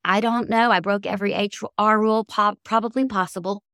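A woman's voice: medium pitch, steady tone, brisk, a bit bright, dry recording, clean studio sound. A middle-aged woman, a guest author, telling heartfelt faith-based stories in an interview with an earnest, emotional manner.

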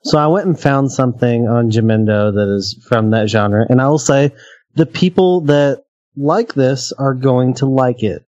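A man's voice: mid-range voice, normal speed, a little mellow, no room sound. A man chatting on a podcast as a guest co-host, laid-back with wry quips. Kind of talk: casual chat. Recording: dull, dry lo-fi sound.

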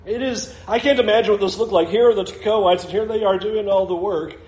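A man's voice: high voice, brisk, darkish tone, echoey room, poor audio. A man preaching a sermon in a conversational way, acting out the people in the story as he goes. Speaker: pastor.

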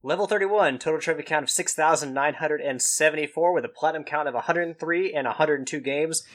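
A man with a Kentucky twang co-hosts a casual gaming podcast, joking and poking fun at the others. His voice sits a little high and sounds bright and forward. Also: quick pace. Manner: joking, playfully needling. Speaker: podcast co-host.

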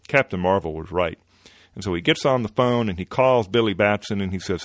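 A man hosting a podcast, retelling an old comic-book story in a relaxed way with many fillers. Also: lowish voice, a little fast, no room sound, clean studio sound. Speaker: podcast host.

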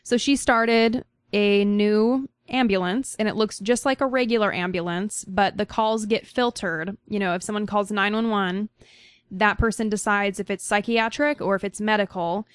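A woman's voice: medium pitch, steady tone, moderate pace, clear, resonant tone, no room sound. Female podcast co-host, conversational and explanatory, dry close recording. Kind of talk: casual chat, summarizing news stories.

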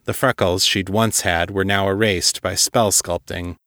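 A man narrating a fiction story in a steady, measured audiobook style. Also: low voice, dry recording, studio quality.

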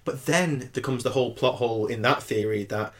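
A man's voice: medium pitch, a little fast. A man co-hosting a podcast, chatting casually and laying out his ideas in a thoughtful way. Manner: thoughtful, theorizing. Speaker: podcast co-host. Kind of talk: casual chat.

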